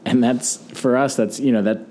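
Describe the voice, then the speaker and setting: A man's voice: medium pitch, steady tone, moderate pace, darkish tone, slight background noise. A father of five as a podcast guest, talking reflectively and thinking aloud about parenting. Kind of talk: casual podcast chat.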